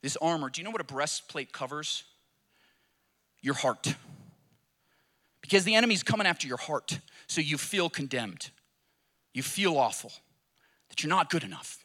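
Bright-voiced man preaching with passion. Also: on the high side. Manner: impassioned, repetitive preaching cadence with rhetorical questions. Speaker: pastor. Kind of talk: sermon.

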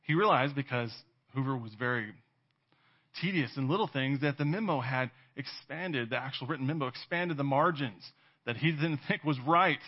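A man's voice: medium pitch, moderate pace. Man preaching a conversational sermon. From California. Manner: conversational, tag questions, acts out quoted voices. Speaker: pastor. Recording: dull lo-fi sermon audio.

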